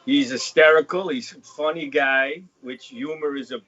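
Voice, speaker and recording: A man's voice: a little high, fairly even intonation, moderate pace, sharp tone, lo-fi sound. A man in casual chat as a guest on a video call, rambling, with lots of you know. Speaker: guest drummer.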